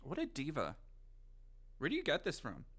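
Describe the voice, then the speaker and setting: Male streamer, lively pitch, profane and jokey, reads aloud with mock gravity. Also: moderate pace. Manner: animated, profane, jokey riffing. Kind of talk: casual livestream commentary.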